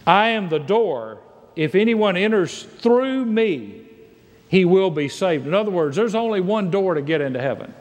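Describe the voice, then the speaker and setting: A man's voice: sits high, big pitch swings, moderate pace, darkish tone, big-room sound. A man preaching a sermon as pastor, reading and paraphrasing scripture with emphatic delivery.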